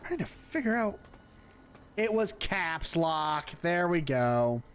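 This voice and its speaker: A man's voice: a little high, sing-song, slow, a little hiss or hum. A man streaming a game, chatting casually and reacting aloud as he plays. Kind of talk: casual gameplay commentary.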